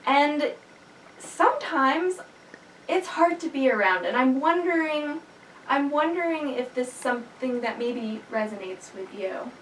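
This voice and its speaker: A gentle, tender unicorn, as a woman puts him on speaks in a soft, measured voice. The sound is roomy and distant from the mic. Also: on the high side, slight background noise. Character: gentle male unicorn, calm and kindly.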